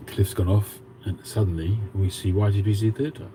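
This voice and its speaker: A man's voice: on the low side, fairly even intonation, moderate pace, noisy background. A man in his fifties with a Cockney accent, hosting a casual livestream and chatting with viewers as he reads out their comments. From England. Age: 50s. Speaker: livestream host.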